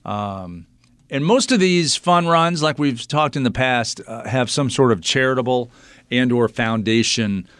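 Male radio host, casual and filler-heavy, mid pitch, close dry mic. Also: measured pace, clear, resonant tone, dry recording. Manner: relaxed, many fillers.

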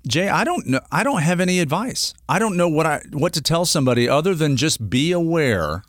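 A man's voice: on the high side, very animated, a little fast, dry recording, studio quality. A middle-aged man hosting a radio talk segment, talking earnestly and rambling with lots of fillers and restarts. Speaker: radio show host.

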